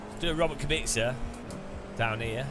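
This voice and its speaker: A man's voice: mid-range voice, normal speed. A man chatting casually on a live stream from his home sim rig, rambling and joking, a bit tired and under the weather. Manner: rambling and joking, talks to chat. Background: music.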